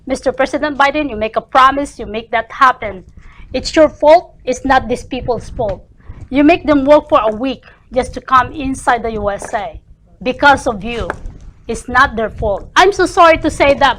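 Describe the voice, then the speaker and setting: A woman's voice: high voice, normal speed, a bit bright, a little hiss or hum. A woman with a voice, speaking in passionate, indignant bursts on a talk show. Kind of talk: heated political opinion.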